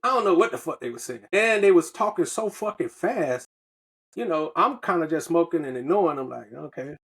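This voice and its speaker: Man, podcast co-host, husky voice that sits a bit high, rambling slangy storyteller. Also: lively intonation, a little fast, fairly bright tone. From Southern United States. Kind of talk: casual storytelling chat.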